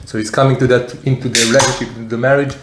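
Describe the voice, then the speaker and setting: A man co-hosting an eating vlog, giving firm opinions in casual chat while often pausing and restarting. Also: mid-range voice, level tone, noisy background. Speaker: co-host, husband. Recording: roomy echo.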